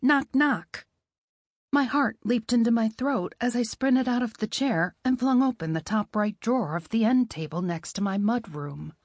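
A woman reading a first-person novel in a wry, expressive way. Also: a little high, normal speed, few pauses, no echo, clean studio sound. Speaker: audiobook narrator.

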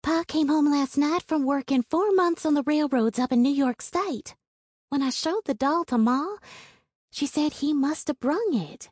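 A woman's voice: high-pitched, lively intonation, unhurried, darkish tone, no room sound, clean studio sound, voice pushed up. A woman voicing a poor, sweet-natured young country girl who talks in an earnest, wide-eyed way. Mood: excited, joyful.

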